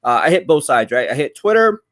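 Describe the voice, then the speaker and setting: A man's voice: a little high, sing-song, a little fast, a bit bright. A young man chatting casually on a live stream while eating, rambling and reading viewer comments aloud.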